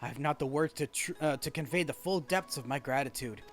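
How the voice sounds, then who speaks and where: A man's voice: fairly high pitch, fairly quick, faint music behind, pitched below the performer's own voice, lightly acted. A man reading the lines of a refined, courteous patron of a geiko district in a video game, with old-fashioned phrasing.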